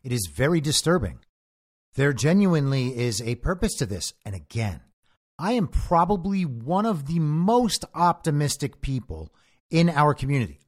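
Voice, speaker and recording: A man hosting a podcast, delivering a sarcastic political commentary monologue. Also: normal speed. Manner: animated and sarcastic, with lively shifts in pitch. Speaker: podcast host.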